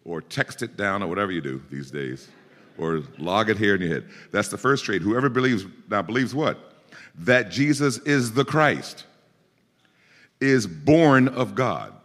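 Animated male preacher in a reverberant hall. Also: lowish voice, measured pace. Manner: emphatic, rising to forceful exhortation. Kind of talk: sermon.

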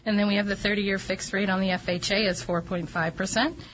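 A woman's voice: mid-range voice, fairly even intonation, brisk, a bit bright. Matter-of-fact woman radio co-host. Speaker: radio co-host and real estate instructor. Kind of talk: casual radio talk and reading ads. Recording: dull lo-fi radio audio with faint noise.

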